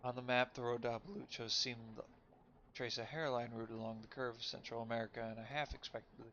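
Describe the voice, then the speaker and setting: A man reading a story game aloud for a stream, reading quickly and often stumbling and correcting himself. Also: medium pitch, steady tone, bright, forceful tone. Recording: lo-fi with faint noise.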